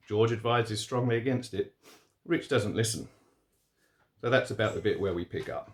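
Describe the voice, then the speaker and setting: A man reading his own horror story aloud, steady and relaxed, with a few fillers. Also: on the low side, moderate pace, long pauses. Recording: roomy echo.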